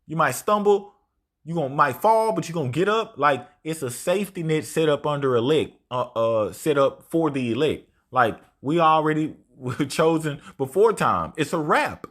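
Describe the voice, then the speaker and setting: Informal preacher man, slightly high voice. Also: animated, normal speed, a bit bright. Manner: informal, repetitive "right?" tag questions, reads verses aloud. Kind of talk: scripture study sermon.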